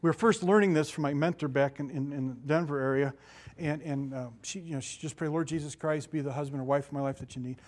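A middle-aged man preaches in a loose, conversational way, breaking into asides and laughing at his own stories. His voice sits a little higher than most men's, and he swings between loud bursts and quiet, confiding lines. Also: fast talker. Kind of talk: sermon.

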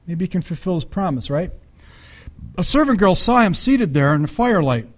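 Conversational pastor preaching, higher voice. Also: male voice, very animated, brisk. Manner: conversational, acts out the Bible voices, asks the audience questions. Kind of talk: sermon.

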